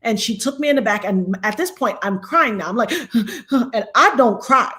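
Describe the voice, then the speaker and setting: A woman with a fairly high voice, telling a story on a live stream. Her casual retelling is dramatic and animated. She speaks into a call mic. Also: moderate pace. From Trinidad.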